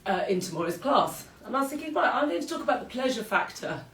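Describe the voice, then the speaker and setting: This British host runs a live-streamed morning qigong session in her home, dogs around her. Her voice is on the high side and fairly bright, and she talks fast and very animatedly, joking at her own expense and laughing often in a roomy-sounding space.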